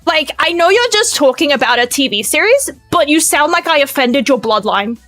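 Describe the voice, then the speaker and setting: A young adult woman streaming in casual chat, excitable and emotive, talking loud and fast with big swings in pitch. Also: no room sound, soft background music.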